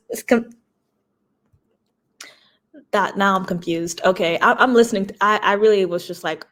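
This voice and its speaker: A woman with a mid-pitched voice reacts aloud to a story in casual chat. She exclaims and talks in flustered bursts. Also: normal speed, long pauses, fairly bright tone. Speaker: viewer reacting.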